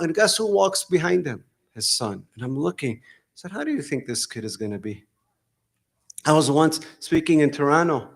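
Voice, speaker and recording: A middle-aged man, giving a sermon in a mosque hall, telling stories that break into sudden loud outbursts. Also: fairly high pitch. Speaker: preacher.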